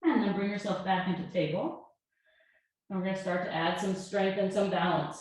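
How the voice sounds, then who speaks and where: A woman yoga teacher calmly talking a class through breaths and poses, with gentle step-by-step cues. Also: medium pitch, moderate pace. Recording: very echoey room.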